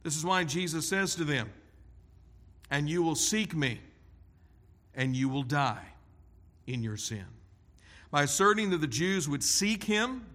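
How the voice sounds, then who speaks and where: A man preaching an expository sermon in a deliberate, emphatic way. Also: fairly high pitch, lively intonation, fairly bright tone. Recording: long hall reverb.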